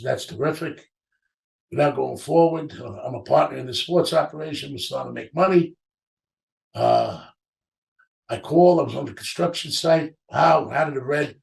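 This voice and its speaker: A man's voice: medium pitch, creaky, recorded from a distance. A middle-aged man hosting a show and telling a rambling personal story, acting out what others said with "I says" and "he says". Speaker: podcast host. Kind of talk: storytelling monologue.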